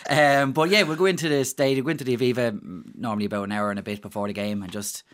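An Irish man who volunteers as a mascot, chatting on the radio with plenty of fillers and restarts. His voice sits at a mid pitch and he stays upbeat. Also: steady tone, very fast, a bit bright. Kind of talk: casual radio interview guest.

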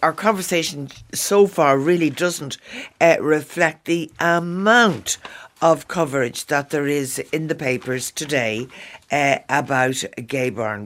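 Male radio host, slightly high voice, chatty with stumbling restarts. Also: slow, a bit bright. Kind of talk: radio panel discussion.

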